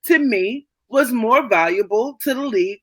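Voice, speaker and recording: A woman's voice: on the high side, lively intonation, moderate pace, a bit bright, no room sound. A woman co-hosting a sports podcast, arguing her picks assertively and holding the floor in casual debate. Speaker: podcast co-host.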